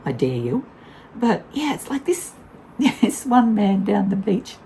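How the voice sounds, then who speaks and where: A woman's voice: medium pitch, big pitch swings, takes it slowly, dark tone, slight background noise, poor audio. An older woman tells a casual vlog story in a blunt, candid way, laughing often. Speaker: vlogger.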